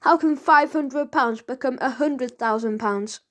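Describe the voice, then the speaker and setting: A woman's voice: sits high, measured pace. A woman voicing a bold, defiant young boy in a storybook reading, speaking indignantly. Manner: indignant, protesting.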